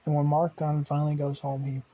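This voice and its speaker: A man's voice: fairly high pitch, completely flat delivery, brisk, mellow, a little hiss or hum, low-quality recording. A young man improvising a fan story aloud, rambling with fillers, restarts and casual swearing.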